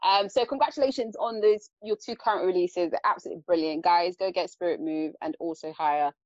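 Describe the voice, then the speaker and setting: A woman's voice: on the low side, brisk, darkish tone, no room sound, muffled recording. A woman host with an English accent, chatting casually and giving effusive praise. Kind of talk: casual interview chat.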